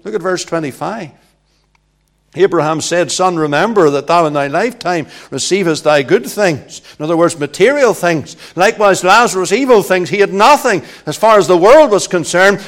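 A man preaching a sermon, emphatic and repetitive, swinging from hushed passages to loud ones. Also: sits high.

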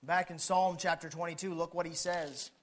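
A man preaching a sermon with fervor, putting questions to his listeners and swinging between hushed, low passages and shouted ones. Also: little pitch movement, moderate pace.

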